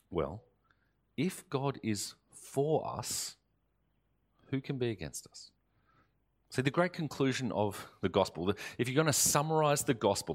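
Earnest male preacher, swelling and hushed. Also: mid-range voice. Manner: earnest preaching, swelling louder then dropping to soft emphatic phrases. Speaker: pastor. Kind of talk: sermon. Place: church or studio, recorded for online service.

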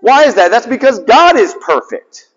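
A man's voice: extremely high pitch, sing-song, normal speed. Man, preacher, sermon, repeated phrases for emphasis, rhetorical questions, long hall reverb, dull recording. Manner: repetition for emphasis.

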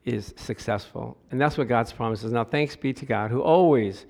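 A middle-aged man preaching a sermon with animated delivery, his voice climbing and getting louder as he reads scripture, with joking asides along the way. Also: medium pitch, normal speed, creaky. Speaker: pastor.

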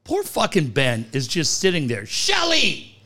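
A man's voice: on the high side, unhurried. A man co-hosting a podcast, joking and swearing freely in casual banter. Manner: profane, animated, laughing easily. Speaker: podcast co-host.

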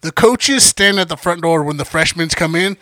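A man's voice: fairly high pitch, moderate pace, no room sound, studio quality. A young man casually telling a profane party story, acting out what everyone said and laughing often. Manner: animated, acts out quotes, laughs often. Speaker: podcast guest storyteller.

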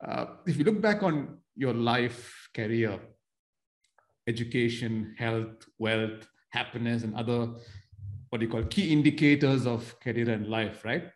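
A male podcast host with a mid-pitched voice puts long, carefully built questions to his guest. He stumbles and restarts now and then, and the room around him has a noticeable echo. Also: measured pace. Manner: asks long multi-part questions with hesitant restarts. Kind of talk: interview podcast conversation.

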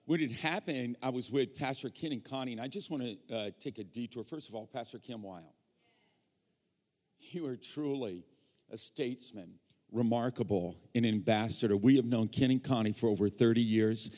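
A man's voice: mid-range voice, normal speed, a little mellow. Joking male preacher in a reverberant church. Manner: joking, teasing banter with the congregation. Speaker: guest preacher. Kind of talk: sermon. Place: church sanctuary. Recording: long church hall reverb.

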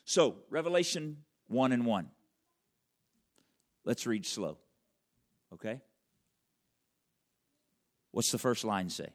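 A man preaching a conversational sermon, checking in with the audience with frequent questions and slowing right down to stress key words. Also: medium pitch, sing-song. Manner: wide swings in loudness and emphasis, drawn-out slow words. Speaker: pastor.

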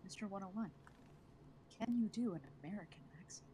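A woman's voice: mid-range voice, fast, dark tone, slight background noise. A tired, tipsy woman hosting a podcast, bubbly and teasing in casual chat. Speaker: podcast host.

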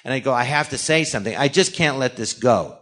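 A man's voice: medium pitch, expressive, quick pace, fairly bright tone. A man from California, a guest actor and comedian, rambling through a story in a casual interview, acting out quoted dialogue and dropping sarcastic asides. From California, USA.

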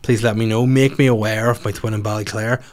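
A man's voice: lowish voice, steady tone, a little fast. Male comic hosting a podcast, loose and foul-mouthed. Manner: crude, rambling, swears freely. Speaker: comedian and podcast host. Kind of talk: casual podcast chat answering listener questions.

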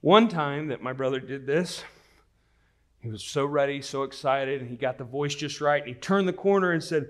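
A man preaching a sermon, moving from a quiet, earnest prayer into lively storytelling to his congregation. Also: medium pitch, normal speed. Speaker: pastor.

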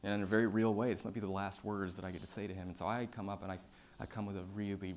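A man giving a personal storytelling talk on stage. He swings between loud, excited telling and hushed, quiet passages, with many fillers and repeated starts. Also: fairly low pitch, very fast, a little hiss or hum. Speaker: public speaker.

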